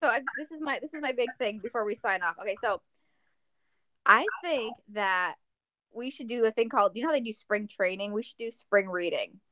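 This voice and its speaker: A woman's voice: fairly high pitch, a little fast, no room sound. Joking woman podcast co-host, dry sound. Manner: animated, joking, rambling plans. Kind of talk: casual chat.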